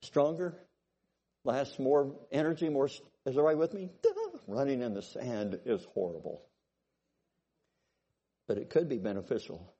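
A man preaching a sermon, telling stories and checking in with his congregation, swinging from loud bursts to low asides. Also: lively intonation, moderate pace, pauses often, breathy edge, lo-fi sound. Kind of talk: sermon with storytelling.

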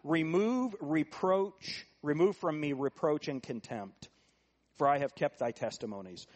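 A middle-aged man preaching a sermon, asking the congregation rhetorical questions and moving between quiet asides and raised, emphatic points. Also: fairly high pitch, a little slow. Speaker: pastor.

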